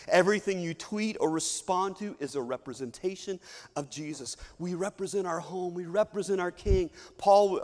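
A man's voice: high-pitched, darkish tone. Man preaching in a reverberant church. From Kentucky. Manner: storytelling, mimics imagined voices. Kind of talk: sermon. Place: church sanctuary. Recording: long reverb of a church hall.

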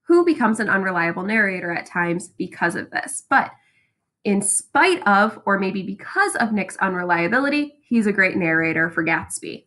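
Bright, sassy woman teacher lecturing. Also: medium pitch. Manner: lively, sassy, conversational, checks in with "right?" and "okay?". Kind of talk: recorded classroom lecture.

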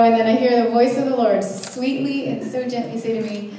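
A woman's voice: fairly high pitch, fairly even intonation, a little fast, crowd noise. A young adult woman giving a sermon-style testimony at a church conference, telling her story with humor and acting out her own quotes. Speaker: conference speaker. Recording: very echoey hall, mic from a distance.

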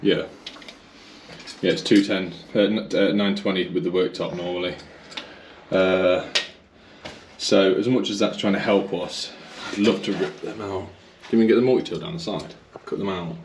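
Chatty electrician, lowish voice. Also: male voice, fairly even intonation, normal speed, darkish tone. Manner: chatty, thinks aloud, addresses viewers as guys. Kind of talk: casual explaining while working. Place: garage being converted to a kitchen, indoors. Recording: echoey room with faint noise.

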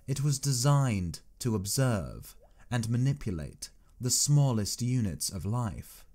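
A man reading a science fiction story aloud as an audiobook, in measured, expressive first-person narration. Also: medium pitch. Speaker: audiobook reader.

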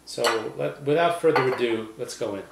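A man's voice: mid-range voice, normal speed, vocal fry. A man co-hosting a cocktail tasting show, joking and chatting casually over drinks. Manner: joking, relaxed banter. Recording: roomy with faint background noise.

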